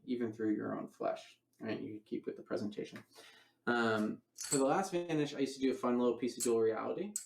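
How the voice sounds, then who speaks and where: A man's voice: mid-range voice, creaky, darkish tone, echoey room, slight background noise, poor audio. A man teaching a coin magic routine in a casual online lecture, explaining each step and acting out his patter. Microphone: online voice call.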